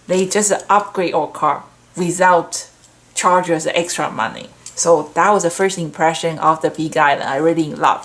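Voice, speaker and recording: A middle-aged woman hosting a stamp shop video, chatting casually and gushing over handmade cards while telling rambling stories. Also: fairly low pitch. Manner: rambling storyteller. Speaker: stamp shop host sharing card swap entries.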